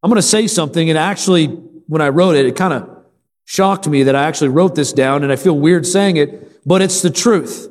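Pastor, male, high voice, emphatic call-and-response sermon, reverberant sanctuary. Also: fairly quick. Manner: repetitive, emphatic preaching. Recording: long hall reverb.

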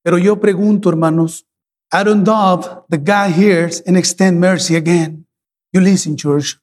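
A middle-aged man with a Spanish accent preaches a fervent bilingual sermon, his voice sitting unusually high. He pleads and repeats his phrases. A long reverb from the church hall trails after his words. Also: fairly even intonation, normal speed, a little mellow.

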